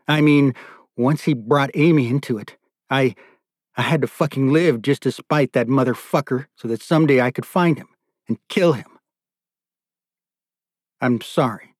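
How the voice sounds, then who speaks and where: A man's voice: mid-range voice, no echo, studio quality, lightly acted. A man voicing a tormented adult man who pours out his ordeal in raw, profane bursts. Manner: raw, profane, bitter outpouring.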